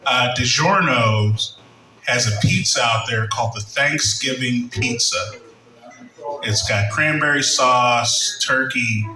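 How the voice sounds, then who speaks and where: A man's voice: medium pitch, slow, pushed and bright. A man doing a loose, hesitant amateur stand-up set at a bar. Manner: loose, hesitant, many ums. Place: small bar stage. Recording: echoey bar from a distant mic, crowd.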